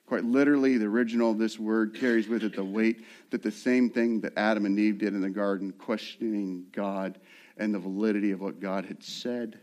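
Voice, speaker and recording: A middle-aged man, the lead pastor, gives a spirited sermon in a voice on the low side and at a slightly quick pace. He voices the people he describes.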